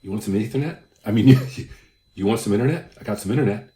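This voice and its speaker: A man putting on the voice of a shady street dealer who peddles internet access in a sly, hushed sales pitch. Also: fast, echoey room, close to an everyday voice.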